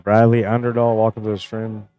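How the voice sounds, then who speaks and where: A relaxed young man talks his way through a pool match on his own live stream. His voice sits fairly low, and his delivery is loose and chatty as he calls the shots and greets viewers one after another. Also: brisk, smooth, highs cut off. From Canada. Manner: laid-back, chatty, greets viewers by name. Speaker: pool tournament streamer and commentator. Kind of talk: casual live-stream commentary.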